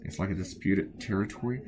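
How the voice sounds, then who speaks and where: A man's voice: sits low, normal speed, a crowd in the background. A tired man from the United States, a cartoonist chatting casually and rambling off topic while he draws. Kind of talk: casual chat while drawing.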